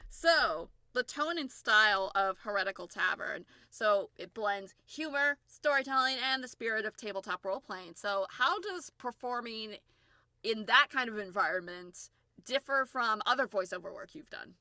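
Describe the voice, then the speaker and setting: A woman hosting an interview podcast, asking casual questions in a relaxed, chatty way. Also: on the high side, normal speed, no echo. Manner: relaxed, chatty, laughs easily.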